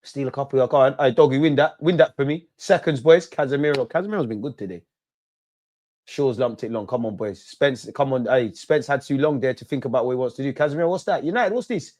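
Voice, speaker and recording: A young man doing a live football watch-along, shouting at players and the referee in slangy banter. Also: mid-range voice, fast talker.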